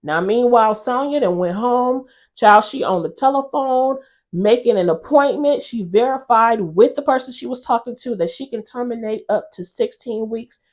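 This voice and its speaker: A woman hosting a casual episode recap, chatty and expressive as she retells the characters' quarrels. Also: fairly high pitch, moderate pace. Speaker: host recapping a TV drama episode.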